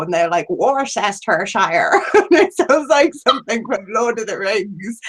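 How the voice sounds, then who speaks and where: English woman, casual chat guest, laughs a lot and pokes fun at herself. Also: medium pitch. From England. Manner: giggly, rambling, self-deprecating. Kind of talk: casual live-stream chat.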